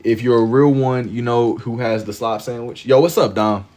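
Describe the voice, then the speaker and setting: A man's voice: medium pitch, normal speed, a little mellow. A young man chatting casually with his live-stream chat while he draws, laid-back and slangy, often repeating a phrase while he thinks. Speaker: livestreamer drawing for chat.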